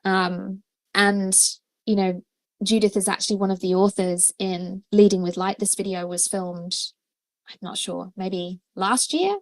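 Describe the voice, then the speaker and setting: A woman's voice: medium pitch, steady tone, a little slow, no room sound. A woman hosting a livestream as a coach, talking casually with many fillers and restarts. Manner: chatty, many fillers and restarts, laughs often.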